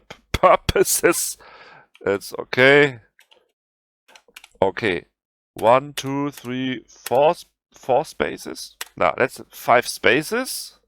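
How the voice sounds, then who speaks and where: Slow German-accented man explaining software. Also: mid-range voice, clear, resonant tone, dry recording, clean studio sound. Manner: halting, self-correcting non-native English. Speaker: tutorial host. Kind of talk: screen-recorded software tutorial.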